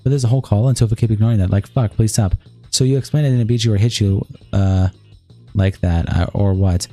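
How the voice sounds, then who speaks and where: A man streaming, reading a long text-message exchange aloud in a rapid, flat read-through. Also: on the low side, soft background music.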